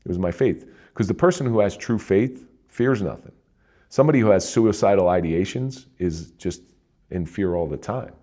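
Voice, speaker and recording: A man's voice: moderate pace, warm tone. A middle-aged man from New Jersey, a retired police officer, telling his personal story in an earnest, conversational way as an interview guest. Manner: earnest, conversational, with frequent restarts and emotional pitch swings.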